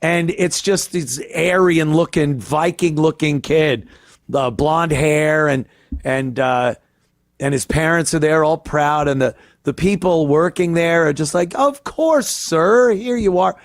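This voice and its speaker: A man's voice: a little high, steady tone, unhurried, no room sound, clean studio sound. A male host ranting in a crude, profane, rambling way on a casual comedy podcast.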